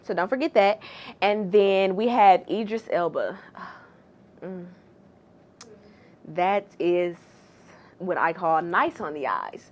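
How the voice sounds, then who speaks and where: Animated, sassy gossip-vlogging woman. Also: medium pitch. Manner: chatty, sassy, slangy and exclamatory. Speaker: entertainment gossip host. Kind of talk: casual gossip vlog.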